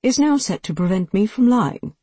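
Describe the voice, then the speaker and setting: A composed android science officer , as an audiobook narrator puts him on, speaking in measured, formal sentences. The pitch sits in a middle range, and the recording is dry and close. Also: expressive, warm tone, slightly rough, no room sound.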